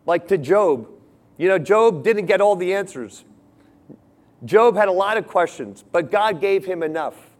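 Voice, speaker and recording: Male preacher, sermon, high voice, earnest, hushed to emphatic. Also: lively intonation, measured pace.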